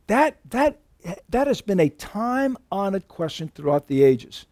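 A man preaching a sermon as a pastor, animated with folksy asides and frequent restarts. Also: high voice, measured pace, no room sound, clean studio sound.

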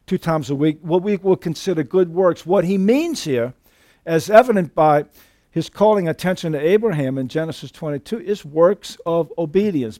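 A man preaching a sermon as a pastor, animated with folksy asides and frequent restarts. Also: sits high, no room sound, clean studio sound.

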